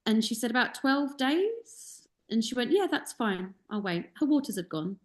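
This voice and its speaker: A woman's voice: a little high, expressive, fairly quick, darkish tone. A woman in a casual group discussion, telling a story animatedly and acting out the quoted speech.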